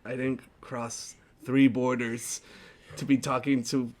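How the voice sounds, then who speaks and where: A man's voice: mid-range voice, flat delivery, slow, natural voice. A young man putting on a mouthy East Coast tough guy, drawling and mocking. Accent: mock East Coast American.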